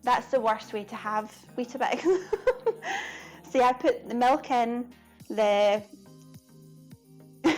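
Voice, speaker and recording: A chatty woman cooks on a live stream and talks easily to her viewers. Her voice sits a little high, she giggles often, and faint music plays in the background. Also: a little mellow. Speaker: cooking streamer. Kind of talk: casual live-stream chat while cooking.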